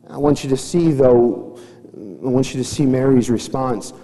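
A man's voice: mid-range voice, unhurried, dark tone. A man preaching a sermon as a pastor, emphatic and repeating his key phrases, who mixes teaching points with stories about his family. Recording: echoey hall reverb.

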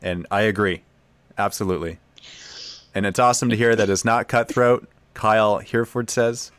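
A man hosts a casual interview, reading out viewer comments and dropping short affirmations. His voice is very low. The recording is dry and close. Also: steady tone, moderate pace, a bit bright, smooth, dry recording. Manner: easygoing, brief affirmations. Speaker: podcast host.

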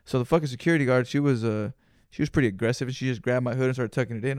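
A man hosting a solo podcast, telling a story in an animated, profane, slangy way with Spanish words mixed in. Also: medium pitch, racing, no room sound, clean studio sound. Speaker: podcast host. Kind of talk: casual storytelling monologue.

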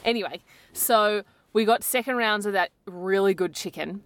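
A woman's voice: medium pitch, normal speed. An Australian woman co-hosting a podcast, chatting casually and animatedly about a trip, gushing over food and teasing her partner. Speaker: podcast co-host. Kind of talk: casual travel chat.

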